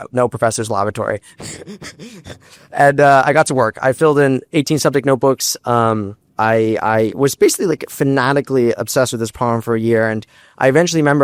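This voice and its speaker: A young man, a startup founder, telling animated stories on stage and acting out quotes. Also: mid-range voice, clean tone, dry recording, studio quality. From United States. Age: young adult. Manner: animated, fast storytelling with acted-out quotes. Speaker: startup founder, guest speaker. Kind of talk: storytelling on stage. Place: stage before a large live audience.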